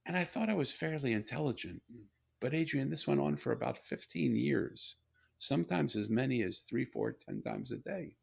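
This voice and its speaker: An older man telling a personal story in a conversational interview, animated and repeating words as he builds his point. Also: mid-range voice, normal speed, creaky. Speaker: guest, author and CEO.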